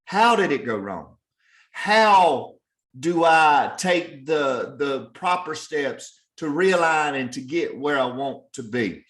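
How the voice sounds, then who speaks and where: Guy doing a preachy sales pep talk, kinda high voice, echoey room. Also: animated, slow pace, a bit bright. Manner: earnest, repetitive, preachy. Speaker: sales trainer. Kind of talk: motivational talk.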